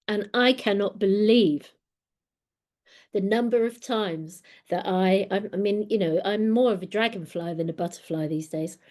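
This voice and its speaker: Slow, earnest woman in her sixties. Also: medium pitch, a little mellow. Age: 60s. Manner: unhurried, earnest, repeats words as she gathers thoughts. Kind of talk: reflective spoken talk on personal growth.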